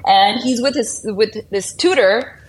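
A middle-aged woman guest in a casual interview chat, bubbly and animated, laughing often. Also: on the high side, measured pace, slight background noise, poor audio. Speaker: podcast guest, executive.

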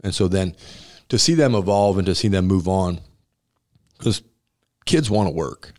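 A man with a very low, deep voice tells stories in a relaxed interview. He talks bluntly and with emphasis, and he acts out the conversations he describes. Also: moderate pace. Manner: emphatic and blunt, acting out dialogue with laughs. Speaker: restaurant owner and former college football center. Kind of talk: casual storytelling interview.

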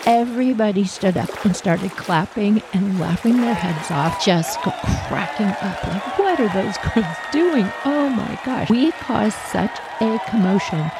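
Animated woman telling a funny personal story. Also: medium pitch. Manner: animated, laughing, acts out quotes.

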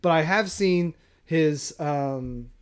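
A man's voice: fairly high pitch, takes it slowly, smooth. A man co-hosting a casual film chat, talking hesitantly with restarts and short agreeing replies. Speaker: podcast co-host.

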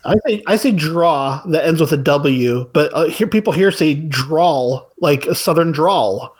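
Podcast host, man, conversational and anecdotal, a bit high-pitched. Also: animated, moderate pace, breathy edge. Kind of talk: casual chat.

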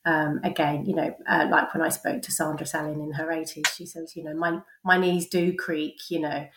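A woman with a slightly low voice talks thoughtfully in a casual podcast chat, dropping frequent ums and you-knows. Her voice carries a roomy echo. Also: level tone, brisk, a bit bright, a little hiss or hum. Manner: thoughtful, many fillers. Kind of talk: casual conversation.

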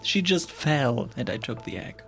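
A man playing a tabletop game, chiming in with quick, joking asides. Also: medium pitch, sing-song, creaky, faint music behind. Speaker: player. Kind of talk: casual chat.

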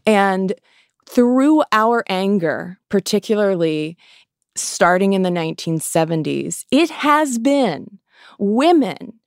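A woman hosting a podcast, giving an impassioned and sarcastic pep talk, swearing freely and pausing often between phrases. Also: mid-range voice, animated, clear, resonant tone, no echo, studio quality. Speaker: podcast host.

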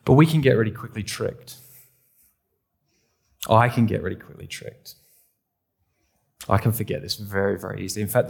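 A man's voice: fairly low pitch, vocal fry, breathy edge. A man from England, a pastor, preaching a sermon with candid, self-deprecating storytelling.

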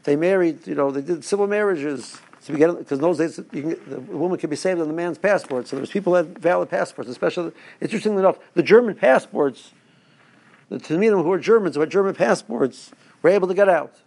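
A man's voice: on the high side, fast talker, vocal fry, darkish tone. A man, a rabbi, giving a rambling Torah talk to his listeners with stories and asides. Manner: rambling, restarts, storytelling asides.

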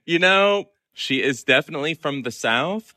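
A man talking as a guest film columnist in a casual interview, animated and chuckling as he speaks. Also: on the high side, moderate pace, no echo. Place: in Venice, remote.

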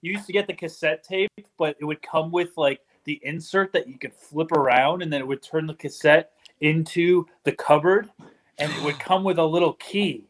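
A man's voice: on the high side, normal speed, a little hiss or hum. A man joking around on a podcast, laughing and swearing as he teases the others. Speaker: podcast guest. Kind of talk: casual chat.

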